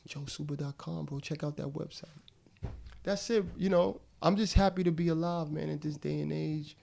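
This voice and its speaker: A man's voice: on the high side, fairly even intonation, moderate pace, vocal fry, warm tone. A middle-aged man who is a guest actor, talking casually on a podcast in slangy, loose speech. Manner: slangy and loose, calls people bro. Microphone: studio podcast mic.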